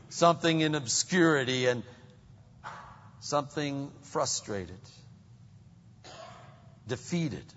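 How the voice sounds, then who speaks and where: Gravelly-voiced man preaching a sermon. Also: fairly bright tone, long reverb tail, highs cut off, a little hiss or hum. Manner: acts out quoted voices with big pitch jumps. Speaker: pastor.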